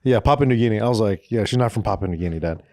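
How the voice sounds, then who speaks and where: A man's voice: lowish voice, rapid-fire, mellow. A man in his thirties casually telling a funny story as a podcast co-host, rambling and swearing freely.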